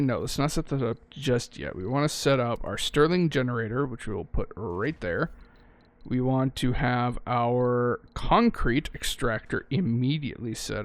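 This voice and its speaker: A man's voice: medium pitch, no room sound. Swearing man narrating his gameplay. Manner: swears casually, thinks aloud, self-correcting. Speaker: let's-play gamer. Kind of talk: casual gameplay commentary.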